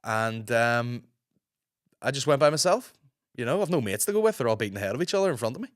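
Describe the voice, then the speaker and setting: Hoarse Northern Irish man, dry sound. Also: medium pitch, very animated, fast, dry recording. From Northern Ireland. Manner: swearing, rambling storyteller. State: hoarse from a sore throat. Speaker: podcast host. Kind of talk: casual solo podcast chat.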